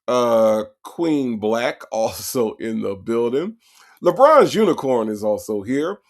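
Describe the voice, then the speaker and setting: Gravelly man greeting his livestream chat. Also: mid-range voice, animated, slow pace. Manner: greets chat viewers by name, repeats hellos. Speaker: livestream host. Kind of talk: casual livestream shout-outs.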